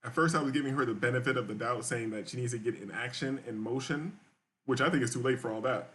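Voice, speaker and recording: A man streaming a reaction to a dating clip, mocking it loudly in crude, profane commentary. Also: medium pitch, quick pace. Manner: loud, mocking, profane, mimics voices.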